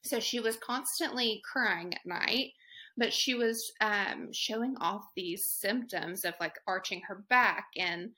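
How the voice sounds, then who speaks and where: Bright-voiced Southern American woman. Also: medium pitch, slow. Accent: Southern US (Tennessee). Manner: relaxed storytelling with fillers. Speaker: guest, podcast ambassador. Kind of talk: casual interview.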